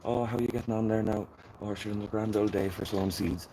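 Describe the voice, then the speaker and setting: A man's voice: fairly low pitch, fairly even intonation, fast talker, mellow, slight background noise, voice pushed up, close to an everyday voice, rough recording. A man putting on an exaggerated Irish accent, playing a jolly stage-Irish fellow with hearty, sing-song greetings. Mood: jovial. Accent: exaggerated Dublin Irish.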